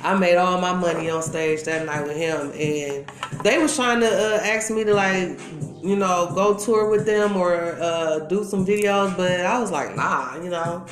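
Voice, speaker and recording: Speaking a little slowly with fairly even intonation, this woman's voice is on the low side. She's a middle-aged ex-dancer from Milwaukee, Wisconsin, being interviewed and sharing frank, slangy stories full of asides, in an echoey room with loud music playing.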